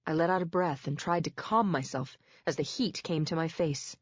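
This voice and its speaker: A woman reading a thriller in first person, measured and tense, recorded dull and dry. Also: sits low, breathy edge, dry recording. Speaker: audiobook narrator. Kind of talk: first-person scripted narration.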